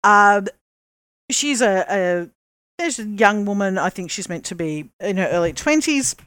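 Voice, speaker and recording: A woman's voice: medium pitch, animated, a little slow, fairly bright tone, clear, resonant tone, no room sound. Chatty woman co-host, dry sound. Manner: chatty, explains with many fillers. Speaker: podcast co-host. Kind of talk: casual chat.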